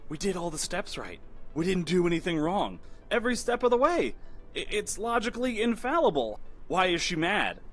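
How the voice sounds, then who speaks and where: Man doing a bewildered, insistent young prince, lively pitch. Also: brisk. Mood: baffled. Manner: baffled, insistent. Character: clueless young prince, stubborn and flustered.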